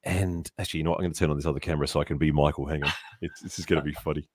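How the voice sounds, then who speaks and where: A man's voice: very deep voice, steady tone, very fast, darkish tone. An Australian man hosting a casual live-stream chat, talkative and often laughing. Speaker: host.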